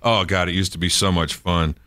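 A man hosting a podcast, telling lively anecdotes in casual chat. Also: sits low, fairly quick, dry recording, studio quality. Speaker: podcast host, radio personality.

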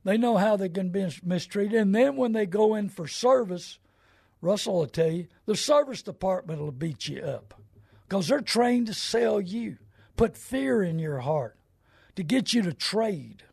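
A man's voice: high voice, expressive, measured pace, gravelly, a little mellow, slightly rough, no room sound, clean studio sound. A middle-aged man hosting a radio talk show, folksy and preachy, mixing car-buying advice with scripture and rising into indignant rants.

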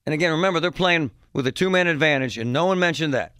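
A man hosting a talk show, telling a story in an animated, mocking way and mimicking yelling parents. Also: a little high, fast talker, clean tone, dry recording, clean studio sound. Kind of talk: storytelling monologue.

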